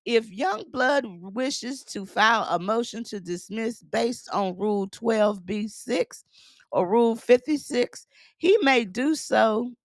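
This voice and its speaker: A woman commentator reading a court order aloud and adding sassy, animated asides, with laughs between passages. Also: fairly high pitch, takes it slowly, no echo. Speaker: news commentator.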